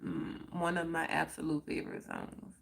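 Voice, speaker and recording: A woman chatting on a live stream, reflective and unhurried, saying "like" and "oh my goodness" often and reacting emotionally to her viewers. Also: low-pitched, wildly swooping pitch, creaky, slight background noise. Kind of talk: casual live stream chat.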